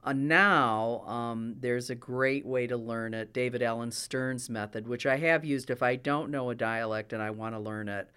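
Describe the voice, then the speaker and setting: A man's voice: medium pitch, moderate pace, few pauses, bright, forceful tone, clean tone. A man who acts and coaches dialects, explaining accents in an interview with eager, detailed answers. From United States. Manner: explanatory, enthusiastic about accents.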